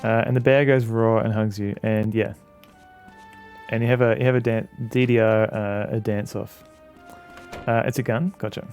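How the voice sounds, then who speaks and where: A man's voice: on the low side, flat delivery, normal speed, pauses often, a little mellow, faint music behind. A man streaming a game, chatting casually and rambling as he answers his viewers. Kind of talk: casual gameplay commentary.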